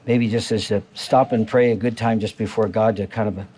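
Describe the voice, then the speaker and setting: A man's voice: fairly low pitch, steady tone, a little fast, dark tone. A male pastor preaching a sermon in a church, talking to the congregation in a conversational way and repeating key phrases.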